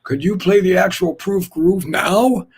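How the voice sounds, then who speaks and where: An older man, a jazz drummer, telling rambling, animated anecdotes in a casual chat, full of fillers. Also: high-pitched, measured pace, slightly rough. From Oakland, California.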